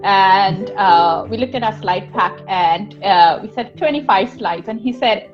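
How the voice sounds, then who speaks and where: A woman's voice: medium pitch, measured pace, few pauses. A woman with an Australian accent interviewing a guest, chatty and laughing easily as she tells stories. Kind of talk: conversational interview. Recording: muffled sound with faint music.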